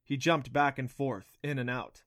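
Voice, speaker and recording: A man narrates an audiobook with a steady storytelling delivery. His voice is middle-pitched and even. The reading is scripted. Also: measured pace.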